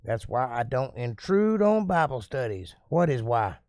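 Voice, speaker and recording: A relaxed man chats his way through a live stream, reading out viewer comments and answering each one in a folksy, easygoing way. His voice sits at a middle pitch and sounds close and dry, with no room around it. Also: unhurried, no echo.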